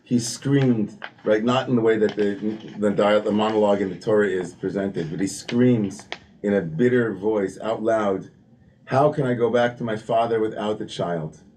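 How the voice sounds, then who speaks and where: Man, study leader at a service; warm, mellow voice; loose, chatty delivery with lots of asides; faint room ambience. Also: on the low side, a little hiss or hum. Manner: chatty, full of "you know" and "right?", reads Hebrew passages aloud then paraphrases. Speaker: teacher leading text study at a service. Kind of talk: conversational text-study teaching.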